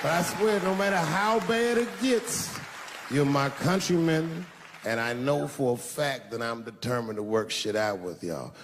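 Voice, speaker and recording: A man's voice: medium pitch, a little slow, in a large hall, crowd noise, noisy background. A man doing a stand-up comedy set with a punchy delivery, acting out voices in his stories.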